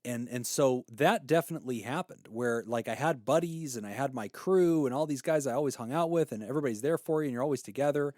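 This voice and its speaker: A man's voice: mid-range voice, fast talker, hardly any pauses, no echo, clean studio sound. A man in his thirties, a podcast co-host, telling a personal story in casual chat and acting out the voices he quotes. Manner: animated storyteller, acts out quoted voices, laughs easily.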